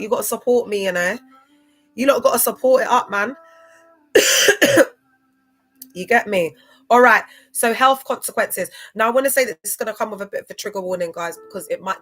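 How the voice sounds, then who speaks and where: A woman chats to her livestream viewers in a loose, slangy ramble. Her voice sits in an ordinary middle pitch, and she wanders easily from point to point. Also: a bit bright. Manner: slangy, chatty, loose and digressive.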